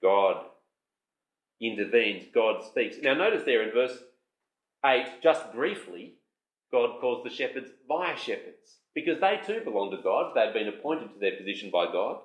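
A man's voice: mid-range voice, expressive, dull audio. Emphatic man preaching in a roomy hall. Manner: emphatic, rising on lists, slowing for scripture reading. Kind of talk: expository sermon.

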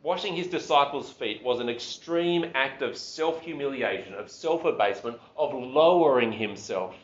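Male preacher, casual lively delivery, dull roomy recording. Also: medium pitch, moderate pace. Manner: conversational, animated, with self-deprecating asides. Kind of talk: sermon.

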